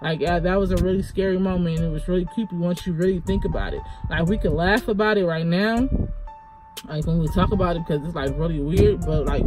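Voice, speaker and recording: A woman vlogger retelling a personal story in a casual, rambling way, full of "like" and "you know.". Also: on the low side.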